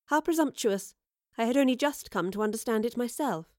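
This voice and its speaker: A woman's voice: fairly high pitch, lively intonation, a little fast, a little mellow, no room sound, studio quality, natural voice. Prim period lady, formal and stern about manners, read by a woman narrator.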